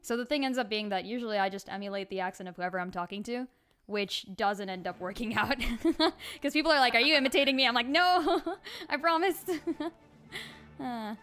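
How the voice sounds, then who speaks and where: A woman's voice: medium pitch, normal speed, a bit bright, clean tone. A woman streamer chatting casually while she draws, laughing often. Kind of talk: casual chat while drawing on a live stream.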